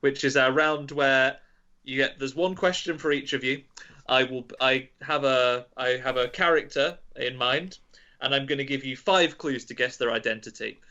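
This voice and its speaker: A man's voice: medium pitch, moderate pace, bright, forceful tone. A man running a horror movie quiz on a podcast, explaining rules at length and laughing often. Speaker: quiz master. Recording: dull lo-fi audio.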